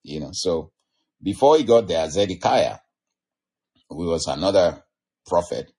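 A man's voice: sits low, expressive, a little slow, dark tone, breathy edge. A man giving an informal sermon, retelling a Bible story in a rambling, conversational way full of "you know". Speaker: preacher.

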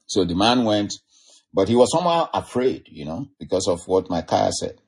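A man's voice: fairly low pitch, big pitch swings, moderate pace, gravelly, a little mellow, husky. A man giving an informal sermon, retelling a Bible story in a rambling, conversational way full of "you know". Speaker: preacher.

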